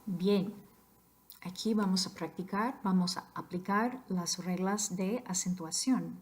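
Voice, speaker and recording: A young adult woman, a Spanish teacher, narrating a slide lecture and explaining accent rules, switching between English and Spanish with soft asides. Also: lowish voice, moderate pace.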